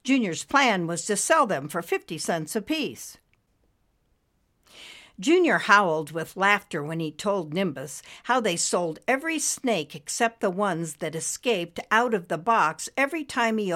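A woman reading a story aloud as narrator, expressive and lively. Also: mid-range voice, a little slow.

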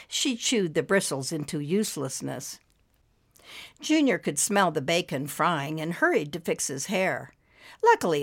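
Lower-voiced woman narrating expressively. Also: a bit bright. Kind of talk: audiobook narration.

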